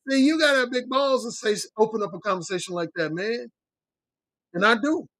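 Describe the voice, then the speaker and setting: The voice is pushed and bright, at normal speed with no room sound: a middle-aged male dating coach answering livestream chat. He's blunt and swears freely, repeats his points for emphasis, and adopts a high voice to mimic men he quotes.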